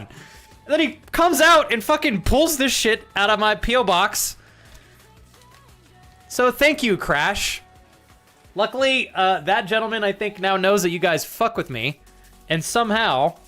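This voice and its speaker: Excitable American streamer guy, bright voice. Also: high-pitched, measured pace, pauses often, faint music behind. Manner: laughing, excitable, swears freely. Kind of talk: live-stream chat.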